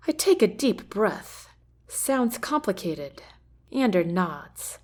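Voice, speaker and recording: A woman narrating a novel in the first person, with an expressive, varied reading. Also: medium pitch, takes it slowly. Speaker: audiobook narrator.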